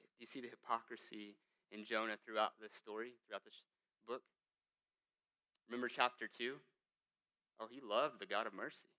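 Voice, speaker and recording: A man's voice: lowish voice, steady tone, normal speed, long pauses, bright, forceful tone. A male lead pastor preaching a conversational sermon, full of rhetorical questions and emphatic asides.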